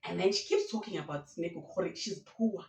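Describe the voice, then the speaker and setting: A woman tells gossip stories on her channel in a chatty, animated way, mixing in local slang. Her voice comes from a little way off the mic, in a room with a noticeable echo. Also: lowish voice, fast talker, vocal fry, recorded from a distance. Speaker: YouTube commentator. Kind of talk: casual gossip commentary. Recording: roomy sound from away from the mic.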